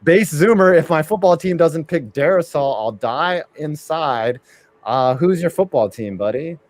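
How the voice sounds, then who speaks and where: A man's voice: fairly high pitch, expressive, unhurried, no echo. A man hosting a casual live reaction stream, joking around and reading viewer messages aloud. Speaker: livestream host.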